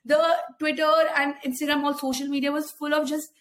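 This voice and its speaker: Woman cohost, high voice, lots of uhs, thinks out loud. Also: little pitch movement, a little fast, a little hiss or hum. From India. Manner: thoughtful, hesitant with many uhs. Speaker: podcast co-host. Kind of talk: casual chat.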